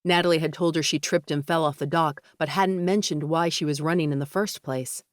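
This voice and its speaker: Deep and measured, a woman's voice delivers scripted audiobook narration at an even pace. The recording is dry and of studio quality.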